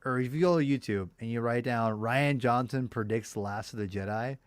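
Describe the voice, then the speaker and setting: A man's voice: mid-range voice, fairly quick, clean tone, no echo, studio quality. A man in his thirties, co-hosting a casual podcast chat, rambling with frequent restarts. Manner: rambling, lots of restarts and fillers. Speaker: podcast co-host.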